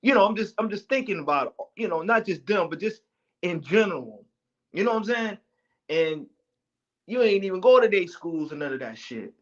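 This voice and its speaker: A rambling man in who keeps hunting for words as he talks on a podcast. His voice sits somewhat high. The audio is dull and lo-fi. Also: lively intonation, moderate pace. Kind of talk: rambling casual chat.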